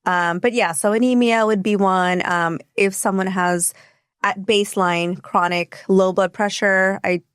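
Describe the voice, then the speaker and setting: A woman nurse practitioner, a podcast guest, explaining treatments in a casual way, with many fillers and pauses. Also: medium pitch, steady tone, clear, resonant tone, dry recording, studio quality. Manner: explains plainly with frequent fillers like um and you know.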